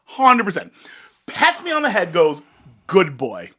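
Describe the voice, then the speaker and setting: His voice sits high and moves at a normal speed as the young podcast co-host chats through a story from a bar. He's a lively storyteller who acts out what people said and swears without holding back.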